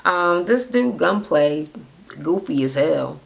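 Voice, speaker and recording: A woman's voice: fairly low pitch, lively intonation, slow pace, gravelly. A woman recapping a reality show in casual, profane chatter, blunt and sarcastic as she talks to camera. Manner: blunt and sarcastic, with frequent swearing.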